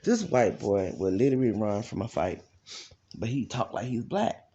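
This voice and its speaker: Gravelly, blunt, profane man ranting. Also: on the low side, moderate pace, dull audio. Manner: blunt, loud and profane, with animated quoted voices. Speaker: life coach. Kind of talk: casual profane storytelling rant.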